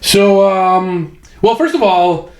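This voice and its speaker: A man's voice: sits high, animated, takes it slowly, echoey room. A man from Chicago co-hosting a podcast, talking bluntly and profanely in casual chat. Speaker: podcast co-host.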